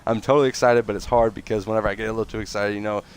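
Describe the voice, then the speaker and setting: A league host and event coordinator livestreams casual announcements in a lowish voice that's clean in tone yet slightly nasal and congested from a cold. He races along with fairly even intonation, chatty and rambling, full of fillers and self-corrections.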